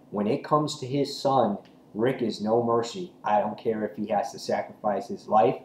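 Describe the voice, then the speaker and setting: A man casually reviewing a comic book, rambling and excitable, swearing freely and retelling scenes with lots of "he's like". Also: on the low side. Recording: echoey room with faint noise.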